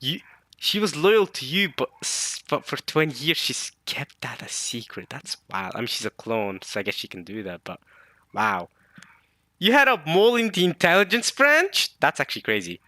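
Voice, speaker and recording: A man casually reading a manga chapter aloud and reacting to it, excited and thinking out loud. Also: medium pitch, no room sound, studio quality. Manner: excited, thinks aloud, reads lines in quick put-on voices.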